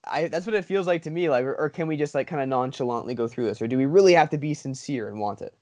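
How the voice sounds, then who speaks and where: A man's voice: mid-range voice, fast, a little mellow, no room sound. A man hosting a podcast, asking questions in an enthusiastic, rambling way full of fillers. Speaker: podcast host. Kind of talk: podcast interview.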